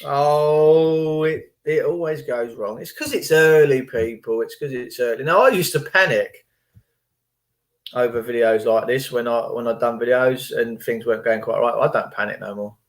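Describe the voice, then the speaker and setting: A man with a medium-pitched voice talks at a moderate pace, hosting his own channel in a casual chat. He rambles chattily while retelling stories and reacting to videos, relaying phone calls in reported speech.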